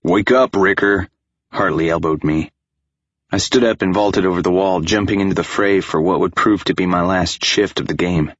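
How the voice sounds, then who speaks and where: A man narrating a first-person story as an audiobook, in a tense, anxious manner, voicing the dialogue quietly. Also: deep voice, dry recording, lo-fi sound.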